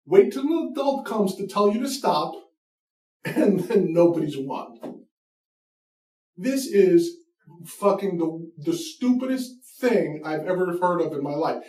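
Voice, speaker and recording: A man's voice: high voice, lively intonation, normal speed, a little mellow. A man hosting a comedy show, ranting in a mocking, profane, emphatic way. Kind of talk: comedic rant. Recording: echoey room, mic far off.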